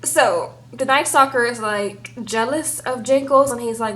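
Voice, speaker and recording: A woman's voice: fairly high pitch, a little slow, few pauses, a little hiss or hum, low-quality recording. Chatty woman recapping with sass. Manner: chatty, animated, says "girl" and "okay?" often. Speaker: TV show recap reviewer. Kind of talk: casual recap of a TV episode.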